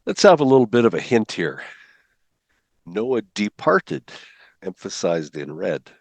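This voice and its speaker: Quick-talking man teaching from slides. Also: sits low, very animated, a little mellow, slightly rough, no echo. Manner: quick, asks the class questions. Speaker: Bible calendar teacher. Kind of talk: slide-based classroom teaching.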